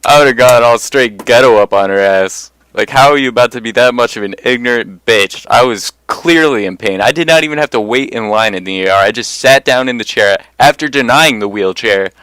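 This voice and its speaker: A man's voice: mid-range voice, fairly quick, few pauses, fairly bright tone, smooth, no room sound. A young man telling personal stories in a casual monologue, blunt and profane, getting worked up as he goes. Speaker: vlogger.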